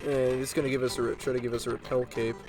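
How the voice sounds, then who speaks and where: A man casually commenting on his video game playthrough, relaxed and rambling with plenty of fillers. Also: mid-range voice, fast, rough recording. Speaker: let's play host. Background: game music.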